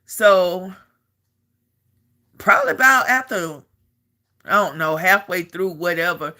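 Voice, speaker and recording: A middle-aged woman with a bright, tense voice tells an army story in an animated, casual way. She repeats words and phrases as she goes and laughs as she talks, the way someone does when talking to the camera. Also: on the low side, slow. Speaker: army veteran telling a story.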